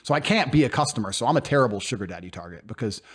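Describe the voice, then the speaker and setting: Fast, animated, blunt-talking man. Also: mid-range voice, breathy edge. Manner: blunt, emphatic, swears freely; acts out quoted speech in put-on voices. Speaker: podcast guest. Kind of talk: casual conversational interview.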